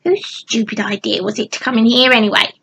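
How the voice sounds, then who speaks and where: A woman's voice: on the high side, fairly even intonation, a little fast, vocal fry, fairly bright tone, breathy edge, exaggerated voice, rough recording. Sneaky nervous goblins, as a woman reads them. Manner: stuttering, hissing, demanding.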